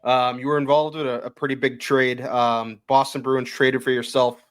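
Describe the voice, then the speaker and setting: A man's voice: mid-range voice, little pitch movement, normal speed, smooth. A man with a mid-range voice hosts a casual podcast interview. He asks long, loose questions padded with fillers and friendly asides. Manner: chatty, filler-heavy questions. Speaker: podcast host.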